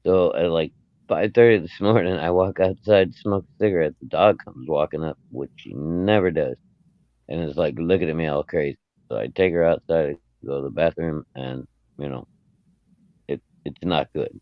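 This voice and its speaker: A man telling a story in a laid-back, halting way with sighs. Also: extremely low pitch, dry recording. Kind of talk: casual storytelling. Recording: muffled lo-fi mic.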